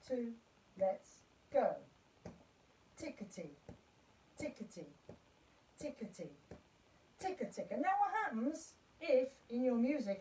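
A woman's voice: fairly high pitch, mellow. A woman music teacher leading a live-streamed lesson for parents in a chatty, encouraging way, chanting rhythm syllables. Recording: voice from far off the mic.

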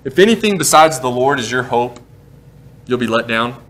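A male pastor in his thirties preaching a sermon in a church, animated and quick to joke at his own expense. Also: mid-range voice. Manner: joking, animated, self-deprecating asides. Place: church sanctuary.

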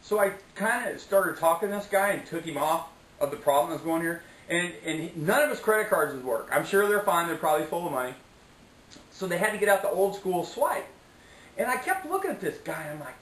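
A man's voice: high voice, lively intonation, brisk, a bit bright, roomy sound, a little hiss or hum, rough recording. A middle-aged man telling a story in a casual vlog, chatty and preachy, often tossing in "okay?" and "anyways". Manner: preachy, motivational asides. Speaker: vlogger.

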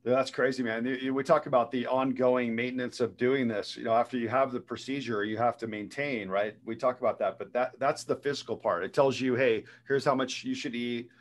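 A man's voice: medium pitch, steady tone, fairly quick, hardly any pauses. A man hosting an interview, encouraging his guest and framing long questions. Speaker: interview host. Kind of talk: casual interview chat.

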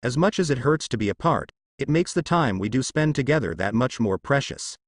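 A man's voice: medium pitch, lively intonation, a little fast, dry recording, studio quality, lightly acted. A man voicing an affectionate, earnest young male ninja, in a fan fiction reading. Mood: tender. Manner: tender, earnest.

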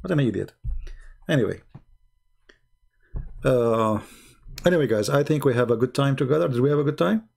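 A man's voice: medium pitch, lively intonation, normal speed, creaky, long pauses, darkish tone. A man hosting a live call-in debate show, talking in a blunt, mocking way with loose grammar.

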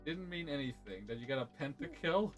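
A man hosting a casual livestream interview from his room, easygoing and halting, with frequent uh-huhs and restarts. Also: a little high, expressive, soft background music. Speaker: show host. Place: home room.

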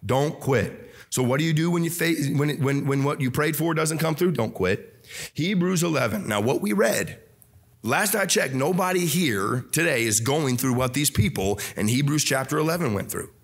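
A young man preaching a sermon as pastor, fervent and repetitive, swinging between shouts and quiet drops. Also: fairly high pitch, lively intonation, normal speed. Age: young adult.

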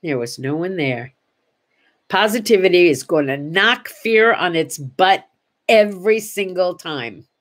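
Animated woman host telling stories. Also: fairly low pitch, unhurried. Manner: animated, acts out dialogue. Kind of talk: casual morning vlog storytelling.

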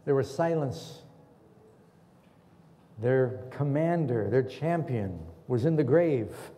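A man's voice: medium pitch, expressive, slow, dark tone. A man preaching a sermon in a church and asking the congregation questions. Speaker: pastor. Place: church hall. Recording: echoey church hall.

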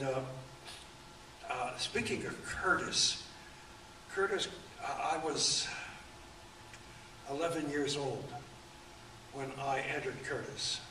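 A man in his eighties telling rambling anecdotes at a book event, halting often with fillers. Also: medium pitch. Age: 80s. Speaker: author and guest. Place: event room. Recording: echoey room, distant mic, faint room noise.

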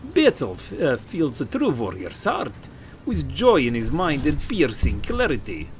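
A man voicing a proud, solemn male warrior of a wolf clan, reading game dialogue aloud in a rough put-on Scottish brogue. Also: on the high side, wildly swooping pitch, unhurried, soft background music, pitched above the performer's own voice, heavily acted.

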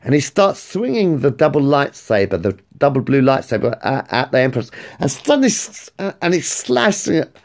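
A man with a gravelly voice tells a made-up story, rambling and excitable. His pitch swings widely as he gets caught up in it, and he swears freely. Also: normal speed. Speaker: vlogger. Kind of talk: casual storytelling.

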